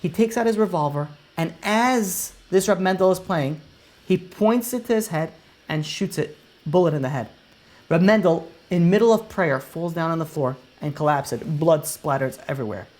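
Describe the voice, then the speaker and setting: A man's voice: fairly high pitch, moderate pace. A man, a rabbi, telling a dramatic story in a lesson, acting out the characters' lines as he goes. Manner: animated retelling that acts out the characters' lines.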